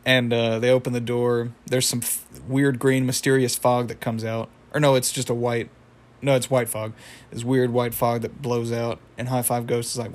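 Rambling man with a flat voice. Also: medium pitch, normal speed. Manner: rambling, self-correcting, chuckles, acts out quotes. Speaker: cartoon episode recapper. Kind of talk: casual retelling with impressions.

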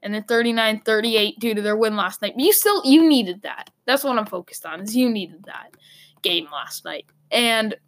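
Young Boston woman, sports talk host, high bright voice, rambling and emphatic. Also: animated, moderate pace. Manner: rambling, emphatic, lots of "like" fillers. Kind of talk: opinionated sports commentary monologue.

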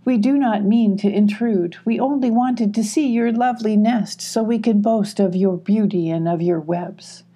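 A woman voicing a timid male sloth in an audiobook, pleading and nervous, then slow and soothing when he charms. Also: fairly low pitch, warm tone, slightly rough. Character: timid male sloth, anxious but clever.

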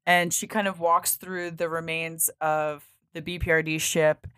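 A woman's voice: sits low, level tone, unhurried, a bit bright, clean tone, dry recording, studio quality. A woman co-hosting a podcast, casually recapping a comic in a loose, chatty way full of filler words and swearing. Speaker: podcast co-host.

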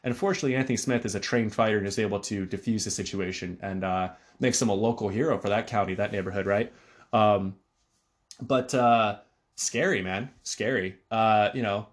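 Talking at a slightly fast clip, a fairly low-pitched man from Connecticut, USA runs his own solo podcast. His delivery is casual and rambling, full of fillers and restarts.

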